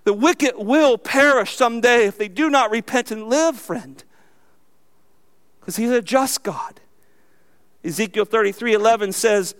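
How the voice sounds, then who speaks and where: A man's voice: sits high, brisk, clear, resonant tone. A man, a pastor, preaching a sermon emphatically and asking the congregation rhetorical questions.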